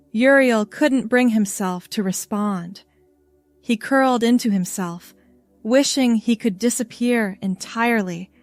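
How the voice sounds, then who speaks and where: A woman reading a story aloud as narrator, in a gentle, measured way. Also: medium pitch, dry recording. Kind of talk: scripted narration.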